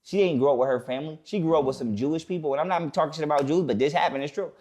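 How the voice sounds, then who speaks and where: Blunt, profane man with a slightly high voice. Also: darkish tone. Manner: blunt, profane, stops to repeat key points slowly. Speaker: podcast guest. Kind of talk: casual podcast conversation.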